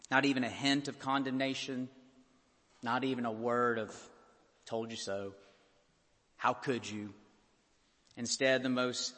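Pastor, male, mid-pitched voice, impassioned sermon delivery, long church reverb. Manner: impassioned, building to shouted peaks.

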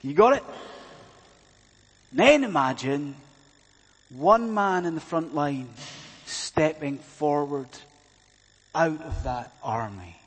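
A man's voice: a little high, lively intonation, slow pace, long pauses, slightly rough. A male preacher delivering an earnest evening sermon, rising to fervent emphasis with rhetorical questions to the congregation. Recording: long reverb of a large hall.

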